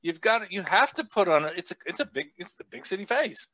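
A man hosting a podcast chat, talking high and bright with big swoops in pitch. He swears freely, laughs a lot and acts out the people he quotes. The sound is dry and a touch dull. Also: brisk, no room sound. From a big US city. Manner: animated, profane, laughs often, acts out quotes. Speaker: podcast host.

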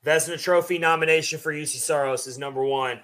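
A man co-hosting a sports podcast, talking casually and at length with relaxed fillers. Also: on the high side. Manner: relaxed, talkative, drawn-out fillers. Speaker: podcast co-host.

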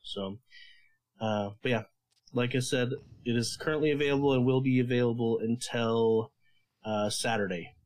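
Male co-host, mid-pitched, casual and hesitant, heavy on fillers. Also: fairly even intonation, moderate pace, darkish tone, low-quality recording. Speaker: podcast co-host. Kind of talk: casual podcast chat.

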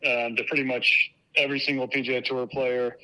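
A man from Virginia, a professional golfer, answering interview questions in a relaxed, thoughtful way with fillers. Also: mid-range voice, brisk, rough recording. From Virginia, United States.

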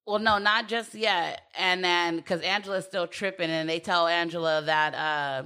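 Animated, bright-voiced woman recapping gossip. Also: lowish voice, moderate pace, clear, resonant tone. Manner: animated storytelling, acts out quotes, laughs often. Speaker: co-host recapping a TV show. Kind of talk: casual chat.

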